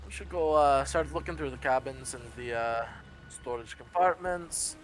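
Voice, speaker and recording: A man's voice: medium pitch, slight background noise, lightly acted, rough recording. A man voicing a polite but suspicious male ship captain in a tabletop game, with a put-on Russian accent that slips into Irish. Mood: stern. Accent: put-on Russian slipping into Irish. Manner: formal, measured, probing.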